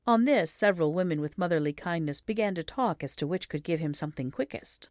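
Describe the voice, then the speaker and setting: A woman reads an audiobook in a low, steady voice. Her storytelling is measured and even, and the recording is dry and close with no room sound. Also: no echo. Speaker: audiobook reader. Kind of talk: audiobook narration.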